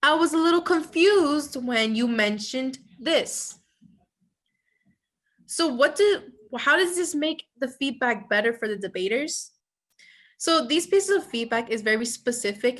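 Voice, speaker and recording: A woman with a high voice leads a training presentation. She reads slide text aloud and then explains it in her own words. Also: a bit bright. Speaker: debate judge trainer. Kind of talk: instructional presentation.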